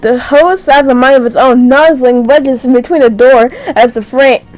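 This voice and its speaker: A woman's voice: high voice, fairly even intonation, moderate pace, darkish tone, soft background music, rough recording. A young woman reading a dating sim aloud, stumbling over words and breaking into dramatic shrieks. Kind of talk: reading game text aloud with reactions.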